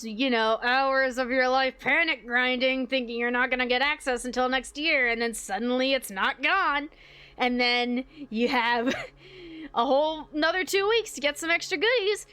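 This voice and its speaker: A young woman streamer chatting casually with her viewers, rambling, swearing freely and filling pauses with likes and ums. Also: high voice, bright, forceful tone, clear, resonant tone. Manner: rambling, swears casually, frequent fillers and laughs.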